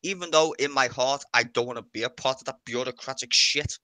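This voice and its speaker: Blunt sweary Scouse man, bright voice. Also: medium pitch, a little fast, dry recording. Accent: Liverpool Scouse. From Liverpool. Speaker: stream co-host. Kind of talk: casual chat.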